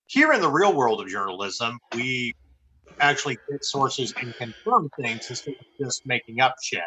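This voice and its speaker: Bright, blunt ranting podcast man. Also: mid-range voice, expressive, moderate pace, poor audio. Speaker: podcast co-host. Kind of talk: casual chat.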